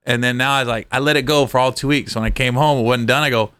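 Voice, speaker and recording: A middle-aged man telling lively, profane stories in a casual podcast chat, jumping his pitch up for quoted voices. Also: fast, clean tone. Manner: animated storyteller, swearing, jumps high for quoted voices. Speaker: podcast co-host.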